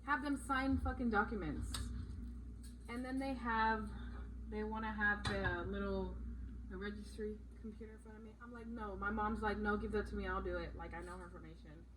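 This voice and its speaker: A young woman casually retelling a story in a vlog, blunt and animated, swearing often. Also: mid-range voice, normal speed, noisy background. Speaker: vlogger.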